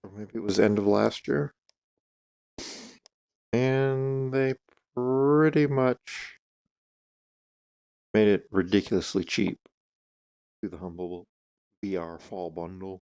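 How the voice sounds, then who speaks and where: Low-voiced man rambling over gameplay. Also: fairly even intonation, normal speed, vocal fry, dark tone, no room sound. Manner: rambling, offhand, occasionally swearing. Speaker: live streamer playing a VR game. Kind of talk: casual gameplay commentary.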